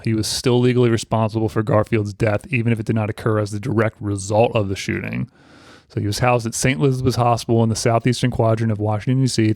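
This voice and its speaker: A man's voice: on the low side, a little mellow, no room sound, studio quality. A man co-hosting a casual history podcast who reads from notes and laughs between points. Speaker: podcast co-host.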